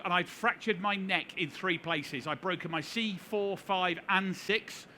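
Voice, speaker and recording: A high-pitched, pushed, bright male voice carries over a slight hiss or hum. The speaker is a middle-aged Englishman leading a seminar in a conference hall, where he tells the audience a story laced with wry humor at his own expense.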